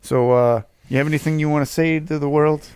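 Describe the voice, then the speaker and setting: A man's voice: fairly high pitch, fairly even intonation, fairly quick, darkish tone, smooth. A man co-hosting a podcast in casual chat, laughing often and swearing freely. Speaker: podcast co-host.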